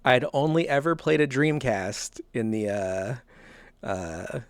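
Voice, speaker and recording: A man's voice: medium pitch, animated, takes it slowly. A man from the South, hosting a casual podcast and telling rambling stories with frequent chuckles. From American South. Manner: rambling storyteller, chuckles often. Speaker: podcast host.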